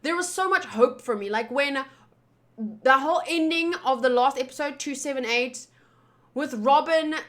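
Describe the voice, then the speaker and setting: Bright-voiced woman chatting on a livestream. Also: high voice, normal speed. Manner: chatty, rambling, swears freely. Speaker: anime reaction streamer. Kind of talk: casual livestream chat.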